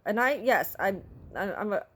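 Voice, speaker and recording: A woman's voice: mid-range voice, lively intonation, moderate pace. A middle-aged woman telling a story in a casual vlog, talking in an exasperated, vocal, ranting way. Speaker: vlogger.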